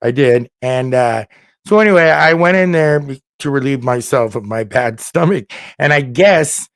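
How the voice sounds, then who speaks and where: A man hosting a casual comedy podcast, an animated storyteller who is often laughing and joking. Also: mid-range voice, moderate pace, dry recording, studio quality. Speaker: podcast host.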